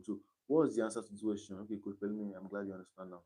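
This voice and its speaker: A young man in his late teens with a Nigerian accent, casually talking through exam questions on a livestream, reading the options aloud and thinking out loud. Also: on the low side, level tone, very fast, breathy edge. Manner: thinks aloud, reading quiz options aloud and chatting between them. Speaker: exam candidate streaming his study session.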